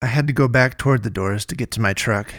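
A man narrating a first-person story aloud in a steady, measured way. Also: mid-range voice, dry recording, clean studio sound.

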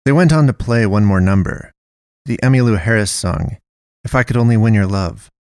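Male narrator, lowish voice, measured storytelling, dry close mic. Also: darkish tone, dry recording. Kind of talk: audiobook-style story narration.

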